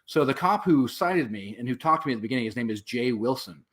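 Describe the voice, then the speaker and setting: A man's voice: mid-range voice, expressive, quick pace, fairly bright tone. A man, a veteran and activist, telling his story as a guest in a casual interview, rambling with many fillers and swear words.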